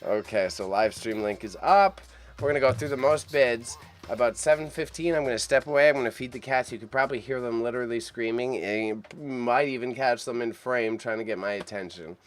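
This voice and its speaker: A man chats his way through a live auction stream in a relaxed, mid-pitched voice. He rambles, repeats phrases and jokes at his own expense, while faint music plays behind him. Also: brisk. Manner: chatty, repeats himself, self-deprecating. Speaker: livestream auction host. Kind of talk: casual live stream chat.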